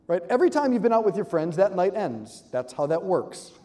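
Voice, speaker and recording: Lively man speaking in a big hall. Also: high voice. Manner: animated, jokey, acts out quick voices. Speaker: speaker giving a talk. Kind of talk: live talk to an audience. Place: large hall with audience.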